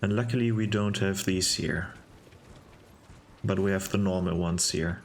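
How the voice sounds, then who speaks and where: A young man giving casual gameplay commentary, musing aloud in a relaxed way with hesitant restarts. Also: low voice, measured pace, slight background noise. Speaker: game video narrator.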